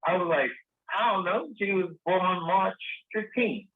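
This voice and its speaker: A man guest telling a lively story in a casual interview, acting out the dialogue he quotes. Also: high-pitched, a little slow, slightly rough. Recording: tinny phone-line sound.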